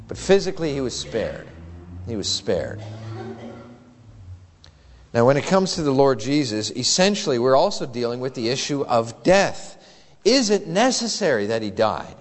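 A man's voice: mid-range voice, big pitch swings, normal speed, long reverb tail. A male pastor preaching an earnest, emphatic sermon that is full of rhetorical questions.

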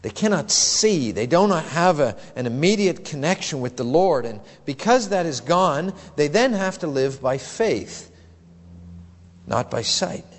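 A male preacher delivers a sermon with a lively, rising and falling voice pitched a little above the usual. He speaks in a measured, emphatic way, leaning on key words with deliberate pauses. His voice rings with a long reverb through the church. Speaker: pastor.

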